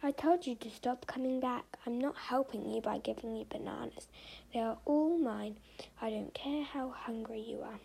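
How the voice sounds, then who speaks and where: Storybook: a woman playing a selfish greedy monkey, grumbly, husky edge, higher than her own voice. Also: normal speed, mellow, poor audio. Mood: grumbling. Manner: grumbling, panicky when stuck.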